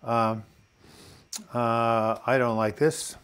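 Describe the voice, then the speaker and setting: An older man with a New York accent hosts a casual live stream, chatty and friendly. He greets viewers by name, reads their comments aloud and tells corny jokes. His voice sits at a middle pitch for a man. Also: level tone, very slow, fairly bright tone, clear, resonant tone. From New York City. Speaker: host of a live chat.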